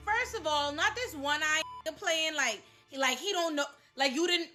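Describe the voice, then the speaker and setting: Very high, bright-voiced ranting woman. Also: moderate pace, few pauses, faint music behind. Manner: heated, profane ranting. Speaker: pop culture commentator. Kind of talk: recorded live reaction to a TV episode.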